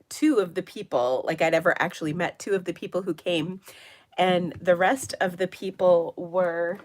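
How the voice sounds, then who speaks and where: A middle-aged woman hosting a papercraft livestream, chatting casually and rambling with many fillers, her voice congested and nasal from a cold. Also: medium pitch. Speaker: papercraft channel host.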